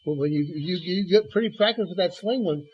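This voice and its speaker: A man's voice: sits high, a little fast, a little hiss or hum. A man preaching on a radio program, telling Bible stories with quoted dialogue and stammered restarts. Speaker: guest preacher. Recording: dull lo-fi radio broadcast.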